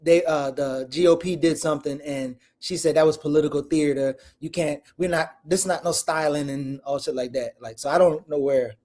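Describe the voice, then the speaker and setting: A man panelist with a slightly raised pitch speaks on a political talk show. He talks haltingly and restarts often, using informal slang and casual phrasing as he works toward his question. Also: steady tone, darkish tone.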